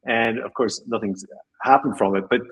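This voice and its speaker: In a casual interview conversation, a man who runs a tech company speaks as a guest, thoughtful and rambling, with restarts and small laughs. His mid-range voice is husky, fairly bright and steady, at normal speed, and the audio is poor.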